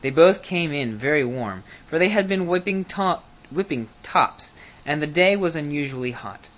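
Lively storybook reader. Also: medium pitch, normal speed. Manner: lively, expressive reading with small slips. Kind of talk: reading a storybook aloud.

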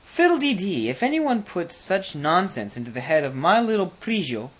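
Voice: mid-range voice, very animated, normal speed, husky, voice pushed up. A storyteller voicing a haughty fairy-tale queen who dismisses everything with scorn. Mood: scornful. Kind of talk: storybook reading.

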